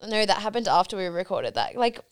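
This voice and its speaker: A woman's voice: medium pitch, big pitch swings, fairly quick, smooth. A young woman co-hosting a podcast in casual chat, frank and self-deprecating. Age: young adult. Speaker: podcast co-host.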